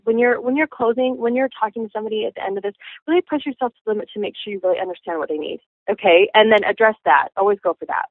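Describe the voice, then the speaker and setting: A woman's voice: mid-range voice, dry recording. A woman coaching a sales team in a chatty way, filling her talk with "you know" and checking in with "okay?". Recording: tinny phone-like, dry sound.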